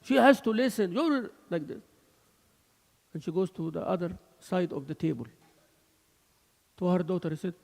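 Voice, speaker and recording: Male mosque teacher, lively and gravelly, long hall echo. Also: high voice, moderate pace, pauses often. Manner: animated, switching between English and Arabic, laughing asides. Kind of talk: mosque lesson.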